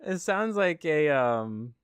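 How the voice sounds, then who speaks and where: A man's voice: on the high side, sing-song, slow, smooth, no echo. A man co-hosting a casual gaming podcast, laughing often as he talks. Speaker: podcast co-host. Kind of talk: casual chat.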